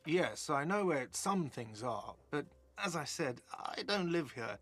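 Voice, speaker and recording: A man's voice: fairly high pitch, big pitch swings, a little slow, fairly bright tone, soft background music, heavily acted. A man voicing an irritable middle-aged innkeeper in a video game, speaking curtly and grudgingly. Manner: curt, grudging. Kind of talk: game dialogue.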